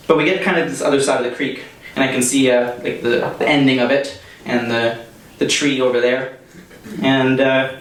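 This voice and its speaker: A man's voice: medium pitch, recorded from a distance. A young man from Canada telling a personal story to a live audience, chatty and casual, with plenty of fillers and laughter. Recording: echoey room, heard from off the mic.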